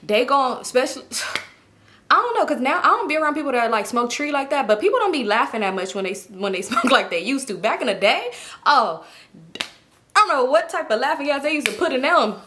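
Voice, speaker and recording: A young woman telling a personal story to camera in a casual, slangy, animated way, often laughing. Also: sits high, fairly quick. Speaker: storytime vlogger.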